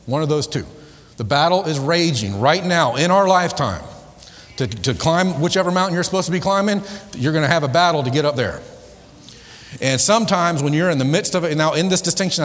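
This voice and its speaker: A man giving a live motivational seminar talk with spiritual themes to an audience. He is emphatic and repetitive and keeps quizzing the audience. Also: a little high. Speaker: motivational speaker. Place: large hall before a live audience. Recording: echoey hall with long reverb.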